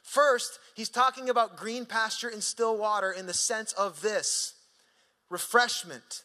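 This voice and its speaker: A male pastor preaching a sermon in an animated, conversational way, swinging from sudden rises to quiet drops. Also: sits high, measured pace, in a large hall.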